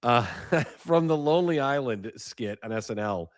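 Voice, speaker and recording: A man's voice: mid-range voice, lively intonation, unhurried, no room sound. Curious man co-hosting a podcast. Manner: curious, asks questions. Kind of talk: casual podcast chat.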